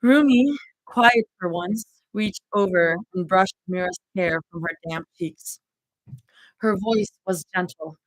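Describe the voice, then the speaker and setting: A woman reading fanfiction aloud in an expressive, heartfelt live reading. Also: medium pitch, slow pace, no room sound, low-quality recording. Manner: expressive reading with emotional reactions. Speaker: fanfiction reader.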